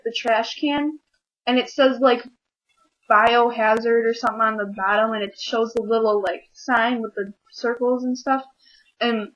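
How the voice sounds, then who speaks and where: A teenage girl ranting casually to camera, rambling and acting out little scenes in quick voices. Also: fairly high pitch, highs cut off. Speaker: vlogger. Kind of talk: casual comedic rant to camera.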